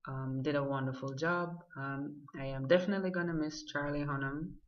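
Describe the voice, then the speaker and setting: A woman's voice: deep voice, steady tone, fairly quick. Chatty woman vlogging, lo-fi sound. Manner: chatty, lots of fillers and acted-out quotes. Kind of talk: casual chat. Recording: dull lo-fi sound.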